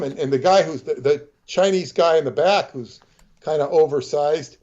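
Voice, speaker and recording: A man's voice: on the high side, moderate pace, darkish tone, lo-fi sound. A man telling stories and talking astrology in casual chat, rambling with many restarts and breaking into character voices. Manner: rambling, full of fillers and restarts, acts out voices.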